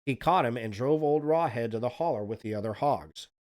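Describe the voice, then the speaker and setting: A man hosting a livestream, telling spooky folk legends in a relaxed, chatty way and swearing casually. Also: mid-range voice, fairly quick. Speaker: streamer, host.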